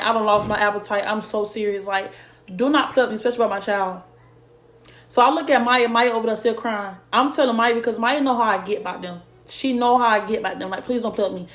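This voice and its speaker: Indignant woman vlogger in echoey room. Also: on the high side. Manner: heated, indignant retelling with lots of direct address. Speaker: vlogger and parent. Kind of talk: casual storytime vlog.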